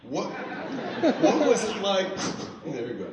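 A man moderates a panel, casual and keen, with a fairly high and lively voice. He sounds distant in a very echoey hall. Loud noise runs underneath. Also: a little slow, over a noisy crowd. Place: convention hall stage.

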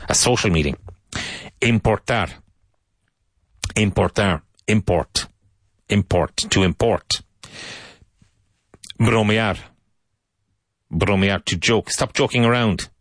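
A man teaching English in a language lesson, repeating words and sentences slowly for learners to copy. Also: on the low side, no echo, clean studio sound. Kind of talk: language lesson with spoken drills.

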